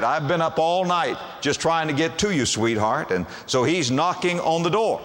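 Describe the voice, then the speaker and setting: Speaking at a moderate pace with few pauses, a pastor fires off rhetorical questions in a slightly bright voice whose lively intonation rises and falls widely. His sermon echoes with the long reverb of a big hall.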